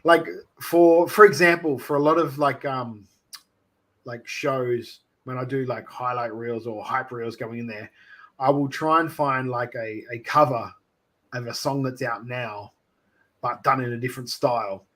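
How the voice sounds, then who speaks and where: An Australian man chatting casually about wrestling. He rambles and hedges with lots of fillers, and drops in profanity. His voice sits in a plain mid-male pitch. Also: measured pace, a bit bright. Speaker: wrestling manager and promoter. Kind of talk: casual chat.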